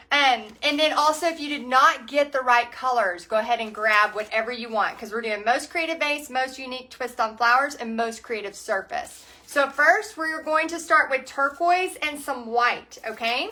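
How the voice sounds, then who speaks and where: A woman's voice: sits high, pushed and bright. A woman hosting a chatty live-streamed painting lesson, bubbly and reading viewer comments aloud as she works in a small home art space.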